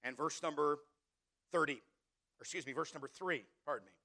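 A man's voice: fairly high pitch, normal speed, pushed and bright. A male pastor preaching a sermon, emphatic and repeating key words for stress, calling on the congregation to answer back.

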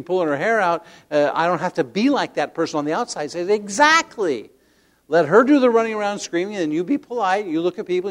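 An older man preaching a sermon, telling stories with lively acted-out inner voices and soft tender asides, often repeating words as he searches. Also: a little high. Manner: animated storytelling, acts out inner voices, drops to soft tender tones. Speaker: pastor.

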